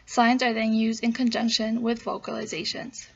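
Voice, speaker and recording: A woman's voice: a little high, little pitch movement, moderate pace, vocal fry. A woman presenting a class talk, reading aloud and steadily listing steps in order, in a dull lo-fi recording. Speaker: student presenter.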